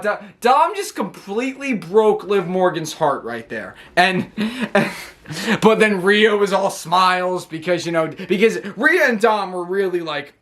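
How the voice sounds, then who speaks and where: A man excitedly recapping a show in a casual, rambling way, often correcting himself and laughing. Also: sits high. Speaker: wrestling channel host.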